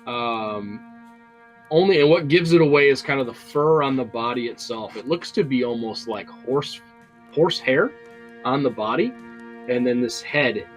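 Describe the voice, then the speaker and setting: A man's voice: mid-range voice, measured pace, faint music behind, low-quality recording. A man narrating a tabletop game as game master, rambling and hesitant, with many fillers.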